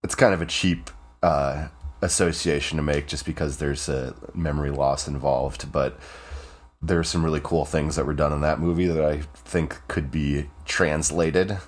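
A man co-hosting a casual comedic chat, wry and quick to steer the talk back on track. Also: rumbling low, fairly even intonation. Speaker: podcast co-host.

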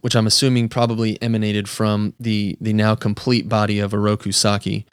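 Low-voiced chatty podcast host. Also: male voice, monotone, brisk, smooth, dry recording, clean studio sound. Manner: enthusiastic, chatty, lots of "like" and "dude". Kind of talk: casual comic book review chat.

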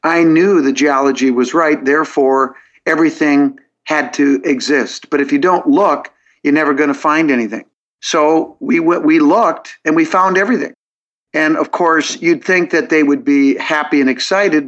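A man's voice: fairly high pitch, moderate pace, a bit bright. Earnest man telling a story, lo-fi sound. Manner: logical, earnest storytelling with frequent restarts. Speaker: guest. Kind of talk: podcast interview. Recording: dull lo-fi audio.

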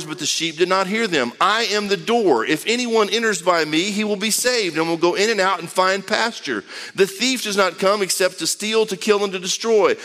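A man preaching a conversational sermon, reading scripture aloud and acting out quick voices. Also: sits high, bright, forceful tone, big-room sound.

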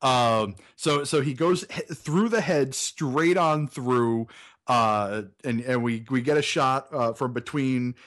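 An American man co-hosting a casual movie podcast, easygoing and halting, often restarting his sentences. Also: mid-range voice, fairly bright tone. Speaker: podcast co-host. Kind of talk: casual movie-review chat.

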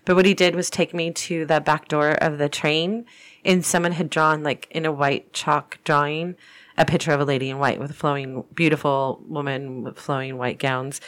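A woman's voice: low-pitched, steady tone, moderate pace, a bit bright. A woman hosting a paranormal podcast, telling a story in a chatty, rambling way with frequent restarts. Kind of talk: casual storytelling.

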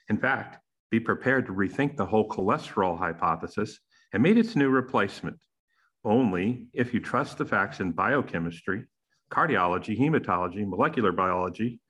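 A middle-aged man hosting a podcast, reading a playful, emphatic intro with big jumps in pitch on key phrases. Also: fairly bright tone. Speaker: podcast host.

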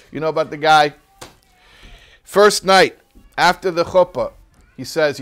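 A man's voice: fairly high pitch, moderate pace, a bit bright, smooth. A man teaching a religious text class in a casual, joking storytelling manner.

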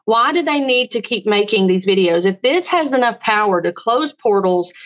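A woman's voice: medium pitch, lively intonation, normal speed. A woman guest in a casual discussion, musing aloud and posing rhetorical questions, with a dull lo-fi sound.

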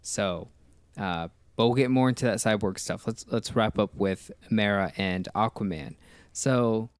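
Guy rambling excitedly about a movie, smooth low-ish voice, dry close sound. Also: unhurried, dry recording. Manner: enthusiastic, rambling with restarts. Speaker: podcast host. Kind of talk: casual film commentary.

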